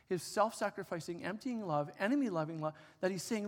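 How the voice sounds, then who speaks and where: A man's voice: high-pitched, a little fast, hardly any pauses. Conversational male preacher in a reverberant hall. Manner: conversational, with fillers and animated retelling. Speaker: pastor. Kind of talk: sermon with personal story.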